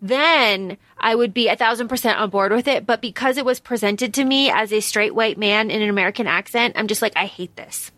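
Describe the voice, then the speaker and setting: A woman's voice: fairly high pitch, dry recording. A woman co-hosting a podcast, chatting casually and dramatically about a book she reviews, venting her dislikes. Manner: animated, dramatic, quick to vent strong dislike. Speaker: podcast co-host.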